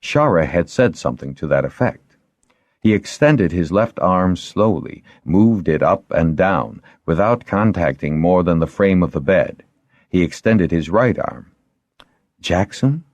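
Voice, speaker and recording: Low-voiced man narrating a novel, lively inflection, dry close sound. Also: measured pace, no echo. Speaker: audiobook narrator. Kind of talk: scripted narration.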